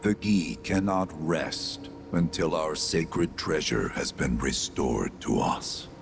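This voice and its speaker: An actor playing an ancient ghostly male elder of a vanished people, speaking slowly and formally with a very deep, gravelly voice. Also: animated, noisy background, exaggerated voice. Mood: solemn. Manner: slow, formal and ominous. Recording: game audio with music behind.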